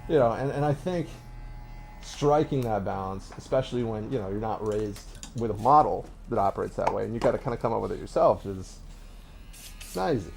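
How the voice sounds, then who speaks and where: A man's voice: lowish voice, lively intonation, brisk, creaky, a little mellow, slight background noise, poor audio. A man hosting a barbershop podcast, chatting casually in a laid-back way with short replies and jokes. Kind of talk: casual chat.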